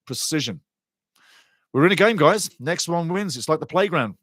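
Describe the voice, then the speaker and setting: A man's voice: on the high side, normal speed, no echo. Fired-up male fan commentator, dry sound. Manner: excitable, swings from muttering to shouting. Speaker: live watchalong commentator.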